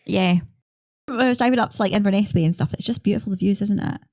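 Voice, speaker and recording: A woman's voice: mid-range voice, darkish tone. A young woman, a podcast guest, chatting casually and enthusiastically. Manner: fast, bubbly, enthusiastic. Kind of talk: casual chat. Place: small podcast studio.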